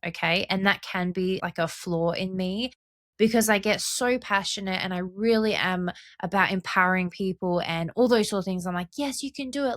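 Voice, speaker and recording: With a fairly low yet slightly bright voice, this young woman delivers a heartfelt solo podcast monologue. Earnest and passionate, she keeps asking "right?" and "okay?", recorded in a clean studio with no echo.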